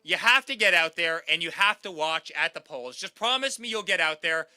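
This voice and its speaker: Speaking at normal speed, this thirty-something campaign speaker has a slightly high voice that sounds pushed and bright, clear and resonant, with lively intonation. He works up the rally crowd by repeating himself and calling them "guys."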